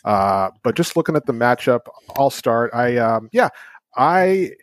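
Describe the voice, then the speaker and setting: A man's voice: mid-range voice, sing-song, measured pace, no echo. A man hosting a casual sports podcast, talking in a laid-back, rambling way. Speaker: podcast host.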